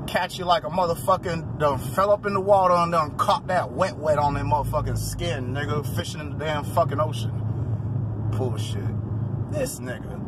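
A man vlogging from behind the wheel, loudly taunting other drivers in profane trash talk and often breaking into shouts. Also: a little high, normal speed. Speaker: driver filming himself. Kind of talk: casual in-car vlog commentary. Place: inside a car on city roads. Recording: noisy in-car recording with road noise.

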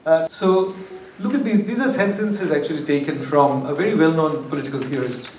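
A man delivers a university lecture in a slightly high voice, thinking aloud and circling back to restart phrases, with wry humor. He sounds set back from the microphone in a reverberant hall. A faint room ambience hangs behind him. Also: a little fast, a little mellow, a little hiss or hum. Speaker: guest lecturer. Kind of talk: academic lecture. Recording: echoey hall, far from mic, faint ambience.

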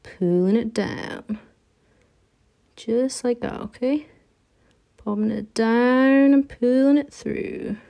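Woman, nail educator, live tutorial; chatty, slow-paced, slightly high, talks you through each step. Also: creaky, mellow. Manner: chatty, step-by-step instructions while working.

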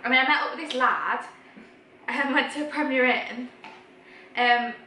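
A woman's voice: high voice, moderate pace, pushed and bright, a little hiss or hum. A young woman telling a story in a casual chat. She is blunt, swears freely and laughs as she talks. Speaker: guest friend. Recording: echoey room from a distance.

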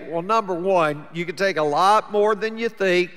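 Male pastor, high voice, casual folksy preaching, long church echo. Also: moderate pace, few pauses, fairly bright tone. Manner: conversational preaching, plain folksy wording. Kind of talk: sermon. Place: church sanctuary.

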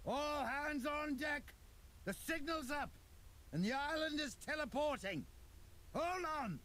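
A high-pitched shouting pirate. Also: male voice, expressive, takes it slowly, heavily acted. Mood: urgent. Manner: shouted orders. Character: gruff male pirate sailor, bossy. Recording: hissy game audio.

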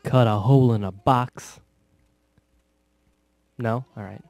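A man casually commenting on a video game, joking sarcastically with bursts of loud laughter. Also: medium pitch, fairly even intonation, slow, vocal fry, no room sound. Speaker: gameplay commentator. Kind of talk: casual let's play commentary.

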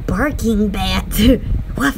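A young woman rambling through a casual vlog, excitable and giggly, her thoughts scattered. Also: medium pitch, drawn-out words, background noise. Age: young adult. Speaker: channel host.

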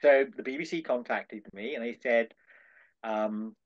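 A man's voice: mid-range voice, a little slow. An older man, a podcast guest, recounting an anecdote at length and acting out the dialogue in different voices. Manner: animated, acts out dialogue in voices. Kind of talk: anecdotal storytelling. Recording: dull lo-fi call audio.

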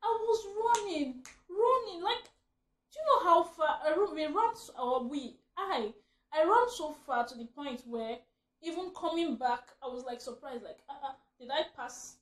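A woman with a high voice tells a story in a roomy, echoing space. She chats casually and stays animated, laughing often and acting out her own shouts. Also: normal speed. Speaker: vlogger telling a story. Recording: roomy echo.

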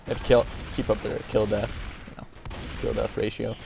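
A man doing casual let's-play commentary, excitable and full of yelps and exclamations. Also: on the low side, fairly quick, gravelly, slight background noise. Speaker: gameplay commentator.

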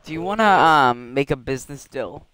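A man's voice: medium pitch, expressive, moderate pace, fairly bright tone. Teasing man gamer on a noisy mic. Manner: teasing, playful trash talk. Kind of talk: casual gaming chat. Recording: noisy home recording.

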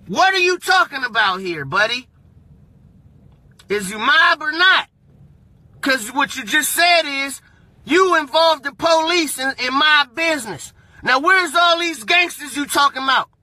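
A man rants in a high, piercing voice, mocking his target and swearing freely. He drags his words out slowly and leans on them, then flares up into shouting. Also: animated, no echo. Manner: heated, profane, mocking, bursts into shouting. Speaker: vlogger. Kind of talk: ranting monologue.

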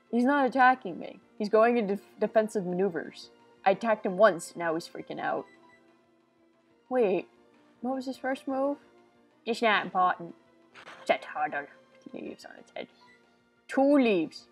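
A woman with a fairly high voice talks slowly and playfully over a video game, excitable and goofy. She chats to the characters on screen as she goes. Faint game music plays behind her. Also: breathy edge. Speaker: let's play gamer. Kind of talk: casual game commentary.

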